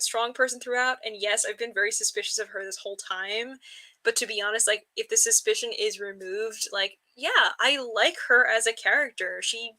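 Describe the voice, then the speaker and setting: A young woman co-hosting a book club, chatting casually and acting out characters' lines in quick voices. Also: a little high, sharp tone. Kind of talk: casual chat.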